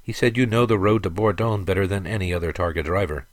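A man's voice: deep voice, fast talker, no room sound, natural voice. A man voicing a young company owner who introduces himself formally. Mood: courteous. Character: young male company owner, polite and confident.

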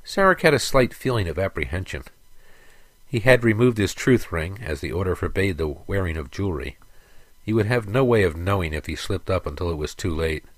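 A man reading a fantasy story aloud in a measured, even storytelling manner. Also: low-pitched, dry recording. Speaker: narrator. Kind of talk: audiobook narration.

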